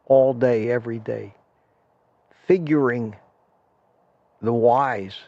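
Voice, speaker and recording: A man's voice: mid-range voice, slow pace, creaky, darkish tone, no room sound. An older man hosting a live stream, rambling and ranting in a self-deprecating way and thanking his viewers by name. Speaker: livestream host. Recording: dull lo-fi stream audio.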